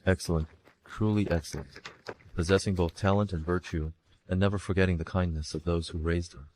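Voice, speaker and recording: A man's voice: low-pitched, steady tone, brisk, a little mellow. A man voicing a solemn court official who passes emphatic, judgmental remarks in a dubbed period drama. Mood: approving.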